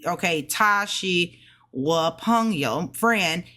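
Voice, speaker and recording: A woman casually explaining her study notes, sounding out words slowly and correcting herself. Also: lowish voice, lively intonation, pushed and bright. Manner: thinks aloud, self-correcting, sounds out tones slowly. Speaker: language learner sharing study notes. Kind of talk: casual study vlog lesson.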